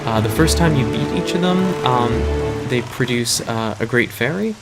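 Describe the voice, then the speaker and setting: A man with a gravelly, creaky voice talks through a game in a casual let's-play stream. He is dry and hesitant, filling gaps with uh's. Video game music plays clearly behind him. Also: mid-range voice, lively intonation, normal speed, low-quality recording.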